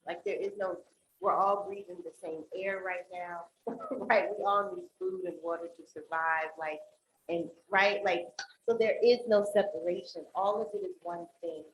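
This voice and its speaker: A woman panelist speaks reflectively in a fairly low voice and muses through her thoughts with many fillers. The room is echoey, and a faint hiss runs under the recording. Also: steady tone, normal speed. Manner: musing, filler-heavy.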